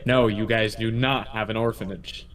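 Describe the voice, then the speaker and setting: A man's voice: fairly low pitch, fairly even intonation, moderate pace, a bit bright. A man running a tabletop game as dungeon master for his friends, talking bluntly and swearing freely.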